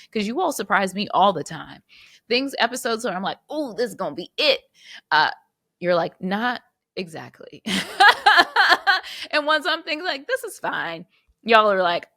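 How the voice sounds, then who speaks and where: A woman's voice: on the high side, bright, forceful tone, dry recording, clean studio sound. A woman hosting her podcast solo, reflecting earnestly and fighting back tears, with restarts and repeated words. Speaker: podcast host.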